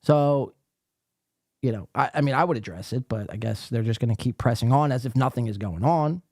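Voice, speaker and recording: A man's voice: mid-range voice, brisk, darkish tone, dry recording, clean studio sound. A man from the East Coast hosting a podcast, reacting sarcastically to a livestream and reading chat aloud with plenty of swearing. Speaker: podcast host. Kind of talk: casual commentary on a livestream.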